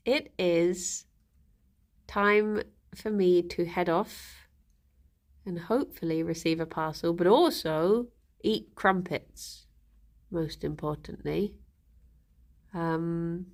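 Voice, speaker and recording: A woman livestreamer chatting casually with her viewers, tired and yawny after a bad night, relaxed and trailing off with frequent ums. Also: fairly low pitch.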